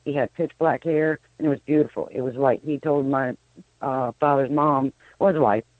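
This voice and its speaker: Over a tinny telephone line, a woman in her fifties, a psychic medium, guests on a radio phone-in and tells rambling stories, often restarting sentences. Her voice rumbles low with a steady tone at a moderate pace. There's no room sound.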